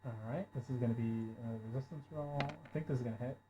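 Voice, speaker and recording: A man running a tabletop role-playing game as game master, calling rolls and narrating the action, who gets loud and swears when surprised. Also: medium pitch, very fast, background noise. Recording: dull lo-fi audio.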